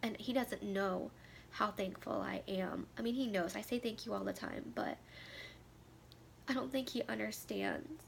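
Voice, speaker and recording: A woman's voice: mid-range voice, a little slow, gravelly, slight background noise. A woman in her thirties talking candidly to camera, emotional and tearful, her voice sometimes sinking to a near whisper. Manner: emotional, heartfelt, voice dropping to a near whisper at times. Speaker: vlogger. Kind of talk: candid personal talk to camera.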